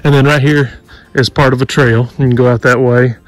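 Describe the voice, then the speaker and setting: Excited man filming outdoors. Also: mid-range voice, fairly quick, no room sound. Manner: excited, points things out to viewers. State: out of breath. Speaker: vlogger. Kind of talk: casual hiking vlog narration. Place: outdoors at rocky overlooks. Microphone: handheld camera.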